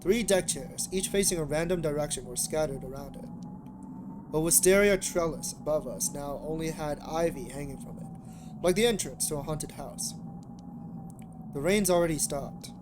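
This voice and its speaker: A man's voice: a little high, normal speed. Man rambling through a game read-aloud. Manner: rambling, hesitant asides with many restarts. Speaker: streamer. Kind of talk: reading a visual novel aloud. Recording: steady background noise.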